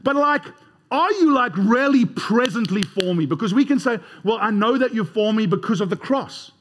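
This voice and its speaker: A man's voice: high voice, animated, normal speed, a bit bright, a little hiss or hum. A man preaching a sermon in a conversational way, leading the congregation in call-and-response. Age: 30s or older.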